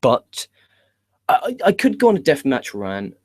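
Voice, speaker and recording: A young man co-hosting a wrestling news show, chatting live in a rambling, excitable, profane way. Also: a little high, a little slow, slightly rough, no room sound, clean studio sound.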